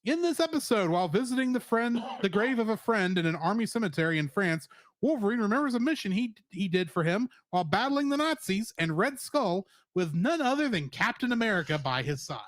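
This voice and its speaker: A man's voice: high-pitched, big pitch swings, a little fast, dry recording. A man co-hosting a podcast, chatting casually and animatedly, laughing often as he rattles off trivia. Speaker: podcast co-host. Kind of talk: casual review chat.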